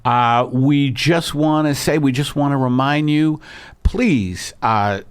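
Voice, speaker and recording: Rambling, halting male podcast host. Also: mid-range voice, smooth. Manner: rambling, halting, with lots of uhs. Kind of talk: casual chat.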